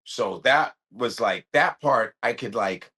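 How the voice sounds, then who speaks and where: A man, a comedian guest in a casual podcast chat, who swears freely, laughs a lot and acts out movie lines in loud, shouted voices. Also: mid-range voice, animated, takes it slowly, breathy edge.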